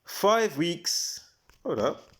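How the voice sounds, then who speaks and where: A man's voice: fairly high pitch, big pitch swings, drawn-out words, a bit bright. Rambling man on a livestream. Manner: rambling, emphatic, breaks off mid-thought to recall details. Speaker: livestream host. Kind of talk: casual livestream commentary.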